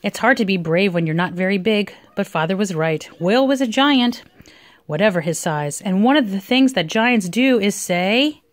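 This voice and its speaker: A woman reading a picture book aloud to a young child at home, with expressive storytelling. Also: mid-range voice, moderate pace. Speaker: reader.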